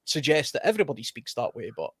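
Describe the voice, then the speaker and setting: A man's voice: medium pitch, very animated, quick pace, breathy edge, no room sound, clean studio sound. A man chatting casually on a podcast, telling anecdotes and often repeating words as he starts a thought. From United Kingdom.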